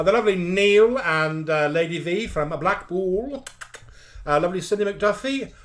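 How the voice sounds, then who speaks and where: A man co-hosting a live chat show, greeting viewers by name, calling each one lovely and trailing off softly. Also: high-pitched.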